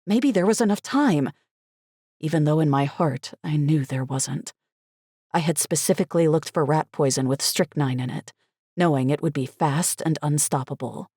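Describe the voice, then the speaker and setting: A woman reading a first-person thriller audiobook in a measured, steady storytelling voice. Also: low-pitched, husky, no room sound, studio quality. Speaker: audiobook narrator.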